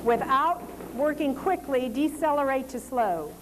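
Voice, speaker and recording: A woman leading a lecture demonstration, giving calm, polite directions to dancers and explaining as she goes. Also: high-pitched, measured pace, background noise. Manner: calm, instructive, polite commands.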